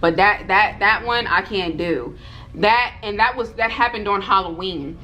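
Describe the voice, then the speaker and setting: A woman vlogger telling a personal story to her viewers, animated and repeating herself, talking straight to the audience. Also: medium pitch, a little slow, slight background noise. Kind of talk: storytime vlog.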